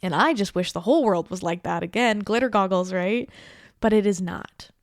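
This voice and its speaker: A woman's voice: medium pitch, normal speed, no room sound. Encouraging woman podcast host, dry close sound. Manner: warm encouraging, repeats "okay?" and "right?"; chatty with laughs and asides. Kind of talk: casual heartfelt podcast talk.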